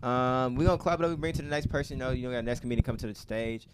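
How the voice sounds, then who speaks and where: A man's voice: medium pitch, racing, noisy background. A man hosting an open mic, doing loose, slangy stand-up banter and laughing between bits. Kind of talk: stand-up comedy, casual slang. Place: small comedy club stage.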